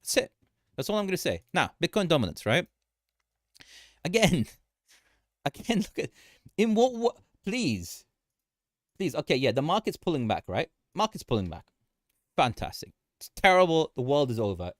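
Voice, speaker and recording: A man hosting a casual market commentary livestream, animated and joking, often repeating himself and laughing. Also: on the high side, normal speed, long pauses, no room sound, studio quality. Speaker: livestream host.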